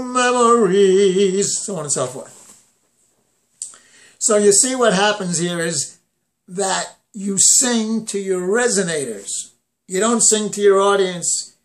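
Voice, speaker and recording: A man with a high, light speaking voice teaches singing and speaking. He talks slowly and carefully, stopping to sing a phrase or hum a note to show each placement. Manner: slow, explanatory, breaks into sung phrases to demonstrate. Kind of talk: vocal lesson with sung demonstrations.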